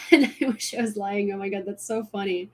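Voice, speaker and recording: A woman's voice: mid-range voice, normal speed. A young woman hosting a casual livestream, rambling with many fillers and restarts as she tells a story. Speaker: livestream host.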